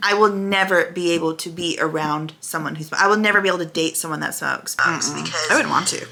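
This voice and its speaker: A woman's voice: deep voice, a little fast, creaky, sharp tone. A woman in her thirties talking candidly and emotionally in a casual reaction vlog to her channel's viewers. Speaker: vlogger.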